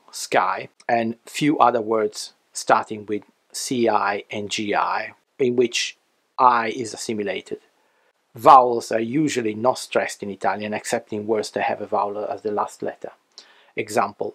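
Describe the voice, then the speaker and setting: A man's voice: on the low side, steady tone, moderate pace. A man teaching a language lesson, carefully spelling out letters and reading example words one by one.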